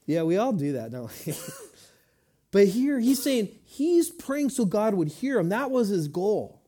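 Earnest, mellow-voiced male pastor preaching. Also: fairly high pitch, lively intonation, normal speed. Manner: earnest preaching, swings between quiet reflection and rising emphatic passages. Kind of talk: sermon.

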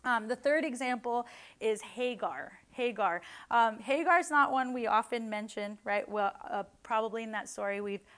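A woman's voice: a little high, moderate pace. Chatty woman teaching scripture. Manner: chatty, many "like" and "right?" tags; acts out quoted people with lively voices. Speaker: Bible teacher. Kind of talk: casual devotional teaching.

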